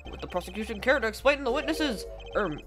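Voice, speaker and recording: A woman streamer voicing an elderly male judge who talks in a halting, hesitant way while reading game dialogue aloud. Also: on the high side, animated, music in the background, lightly acted. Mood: ponderous. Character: elderly male courtroom judge, fussy and easily swayed.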